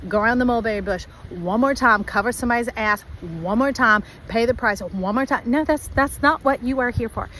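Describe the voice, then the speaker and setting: Woman tarot reader, animated, mid-range voice, faint background hiss. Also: mid-range voice, low-quality recording. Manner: animated, acts out viewers' voices. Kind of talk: spiritual tarot reading.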